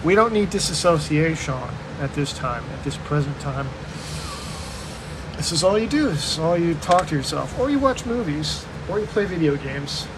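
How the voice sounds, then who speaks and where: A man's voice: on the high side, animated, normal speed. Goofy rambling man, noisy room. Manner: jokey, rambling, mock-dramatic. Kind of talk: goofy casual banter.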